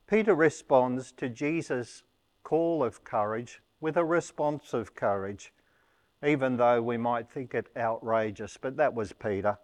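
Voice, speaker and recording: A man preaching a sermon, explaining a scripture passage in a measured, teaching manner. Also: medium pitch.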